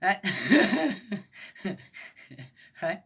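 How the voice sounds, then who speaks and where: A woman's voice: medium pitch, big pitch swings, very slow, breathy edge. A middle-aged woman giving a casual, rambling reflection on a Bible passage, often asking "right?" and laughing. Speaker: host of a Bible reflection talk.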